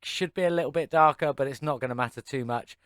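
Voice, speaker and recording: Male game-channel host, casual upbeat commentary, self-deprecating, middle pitch, dry close sound. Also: quick pace, a bit bright, clean tone, no echo. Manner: chatty, upbeat, self-mocking.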